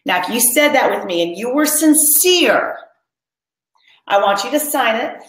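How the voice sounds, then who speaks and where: A woman's voice: a little high, lively intonation, a little slow, a bit bright. Woman, live coaching for moms, reads viewer comments aloud, leads a pledge, echoey room. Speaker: mom coach hosting a live online workshop. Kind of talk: live-streamed motivational coaching.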